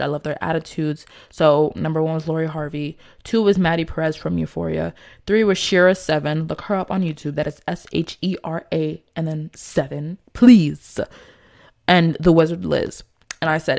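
A young woman talking casually to camera, reading from her notes and giving blunt dating advice with emphatic outbursts and lots of fillers. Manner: emphatic, animated, swings from low asides to loud outbursts; chatty, many fillers and restarts.

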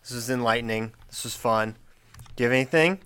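A man's voice: medium pitch, fast talker, a bit bright, clear, resonant tone. A man hosting a casual chat, giving short reactions and wrapping up the episode. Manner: brief reactions, wraps up the show. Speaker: host.

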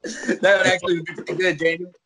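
A man's voice: high voice, flat delivery, fast, a crowd in the background. A man joking in casual banter with friends, laughing at his own ideas.

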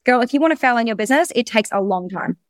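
Fast, high-voiced woman coach. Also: no echo, studio quality. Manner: energetic, blunt, swears freely. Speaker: business coach. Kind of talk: recorded presentation.

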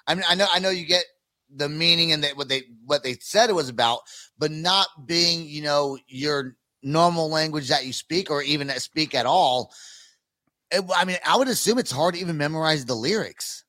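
A man hosts a relaxed interview, joking around and cursing casually. His voice is bright and sits a little high, recorded dry and close. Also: normal speed, no room sound. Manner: loose, joking, swears freely. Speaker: podcast host.

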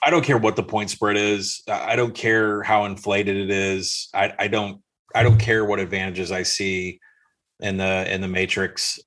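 Dry, blunt low-voiced man. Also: level tone, normal speed, fairly bright tone. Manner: dry, stat-heavy, blunt. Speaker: podcast co-host. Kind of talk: casual sports betting chat.

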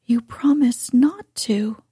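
A woman voicing a carefree, self-centered young boy who never grows up, in a soft, hushed bedtime-story reading. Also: a little high, slow, husky, no room sound, studio quality, exaggerated voice.

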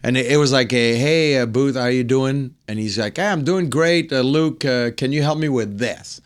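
Man telling an animated anecdote. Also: normal speed, smooth. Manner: acts out quotes, swings higher when excited. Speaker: podcast guest. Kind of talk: animated storytelling.

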